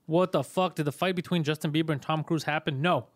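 Fast-talking, profane man. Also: a little high, no echo, studio quality. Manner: fast, profane, animated storyteller. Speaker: comedian podcast host. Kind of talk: casual storytelling chat.

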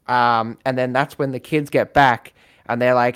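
A man in casual chat, rambling through a story idea with lots of fillers and quick acted-out lines. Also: mid-range voice, fairly even intonation, smooth.

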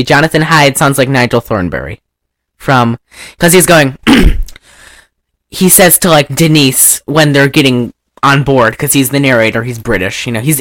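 Casting note: chatty woman host, lively swooping pitch, dry close sound, rambling recap with mock accents. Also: no echo. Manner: rambling and animated, breaks into loud laughter and mock accents. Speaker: podcast host recapping a film. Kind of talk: casual chat.

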